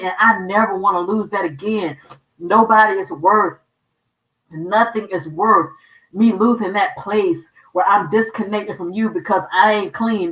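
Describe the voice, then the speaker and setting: A woman's voice: mid-range voice, fairly bright tone, roomy sound, recorded from a distance, poor audio. A woman hosting a show, sharing her faith testimony in an earnest, emotional way and repeating words when moved. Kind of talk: personal testimony talk.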